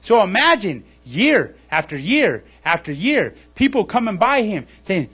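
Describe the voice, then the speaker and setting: A man's voice: extremely high pitch, big pitch swings, normal speed, few pauses. A man preaching a sermon in a conversational way, often checking in with "okay?" and "right?" and acting out mocking voices. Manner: acts out mocking voices loudly. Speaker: pastor. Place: church service.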